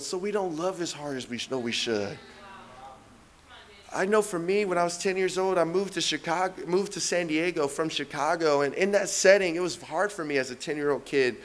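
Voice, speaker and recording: A young man with a high voice preaches to his congregation. He tells a personal story earnestly and builds to emphatic, heartfelt appeals. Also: lively intonation, a little fast.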